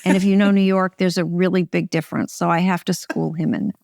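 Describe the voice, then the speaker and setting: A middle-aged American woman, a film director, chatting in an interview in a wry, relaxed way with short phrases and restarts. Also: on the low side, brisk, creaky, no echo, clean studio sound. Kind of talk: casual interview conversation.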